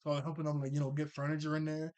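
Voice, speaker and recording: A man's voice: on the high side, monotone, very fast, a little mellow. Chatty young man recapping a cartoon. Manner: rambling, laughs often, lots of fillers. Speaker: cartoon episode reviewer. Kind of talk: casual recap and chat.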